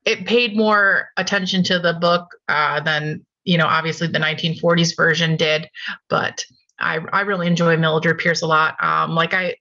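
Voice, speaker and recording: A woman's voice: sits low, steady tone, moderate pace, bright, forceful tone, lo-fi sound. A woman talking as a podcast guest in casual chat, enthusiastic and full of fillers. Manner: chatty and enthusiastic, many fillers.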